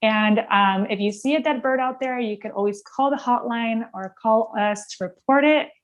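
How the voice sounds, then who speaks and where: A woman from a vector control agency giving advice as a guest, careful, pausing often on "um". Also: fairly high pitch. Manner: careful, many "um" pauses.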